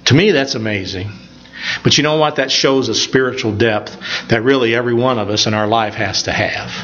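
A man preaching a sermon, retelling a scripture story in a conversational, animated way. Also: mid-range voice, brisk, lo-fi sound, a little hiss or hum.

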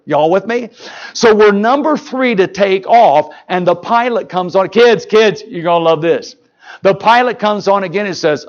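A man evangelist preaching to a congregation, telling a story in a folksy, animated way and joking with the crowd. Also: high voice, muffled recording. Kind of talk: sermon storytelling. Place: church service before a congregation.

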